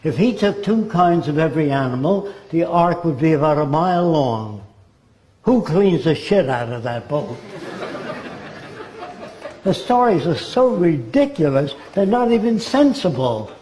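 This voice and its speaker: A man's voice: a little high, sing-song, unhurried, warm tone, slight background noise. A man giving a blunt, sardonic talk full of rhetorical questions. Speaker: speaker. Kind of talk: lecture-style monologue. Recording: roomy echo.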